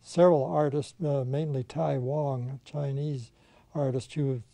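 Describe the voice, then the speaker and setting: A man's voice: medium pitch, fairly even intonation, a little slow, gravelly, dark tone, no echo. An older man, a veteran animation filmmaker, reminiscing in conversation and telling anecdotes in which he mimics the people he quotes.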